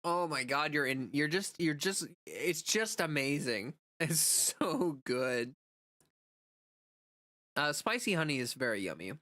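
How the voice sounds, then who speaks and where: Chatty woman streaming, bright tense voice, dry close sound, reads chat and rambles. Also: deep voice, lively intonation, measured pace, dry recording. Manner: chatty, answers chat messages, many "like" fillers. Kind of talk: casual livestream chat.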